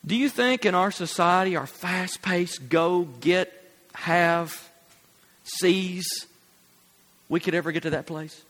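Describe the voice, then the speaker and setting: A man preaching a sermon, telling a personal story in an animated way and laughing at his own jokes. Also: high-pitched, slow pace, big-room sound.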